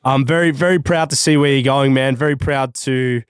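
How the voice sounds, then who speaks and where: A male podcast host with a relaxed, encouraging manner who keeps calling his guest bro and mate. His voice sits at a middle pitch and is recorded dry and close, with no room sound. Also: a little fast, smooth, no echo. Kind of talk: casual interview chat.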